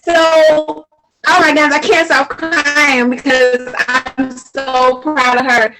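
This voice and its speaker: High-voiced tearful woman host. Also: level tone, takes it slowly, over music, poor audio. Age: adult mother. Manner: emotional, tearful and laughing, rambling with fillers. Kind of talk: casual live-stream chat.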